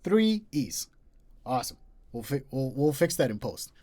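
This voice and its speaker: A man hosting a live marketing session, talking emphatically and repeating his key points with big swings in loudness. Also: medium pitch, big pitch swings, normal speed. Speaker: host.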